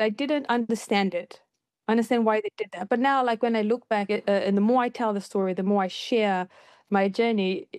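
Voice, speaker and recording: This middle-aged woman from Fiji makes documentaries and is recounting her own story in an interview, recorded dry with clean studio sound. When she quotes people, she performs their lines animatedly, her pitch leaping widely.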